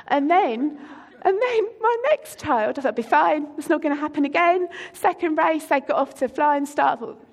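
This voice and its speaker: A middle-aged woman gives a story-led sermon in a high, gravelly voice. She talks loosely and conversationally, with plenty of ums. Her voice echoes around a large church hall. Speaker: preacher.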